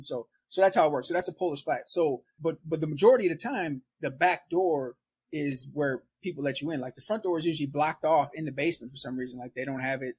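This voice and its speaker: A man from Milwaukee telling a story in casual street slang, animated and often laughing. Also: medium pitch, breathy edge. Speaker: storyteller guest.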